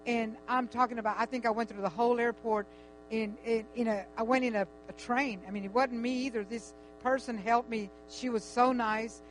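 An older woman tells a long personal story in a casual, animated way, full of restarts and quoted dialogue. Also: fairly high pitch, moderate pace, rough recording. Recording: faint music and mains hum.

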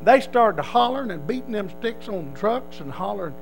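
A man's voice: high voice, lively intonation, normal speed, creaky, soft background music, poor audio. A man from Texas with a Texan accent, telling a personal story in a rambling way with frequent restarts. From Texas, USA.

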